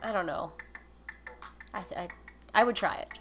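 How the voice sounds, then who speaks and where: Lady hosting a cooking stream, bright forward voice, lots of ums and little laughs. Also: on the low side, unhurried, gravelly, faint music behind. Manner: chatty, many fillers, giggly asides. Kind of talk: casual educational livestream talk.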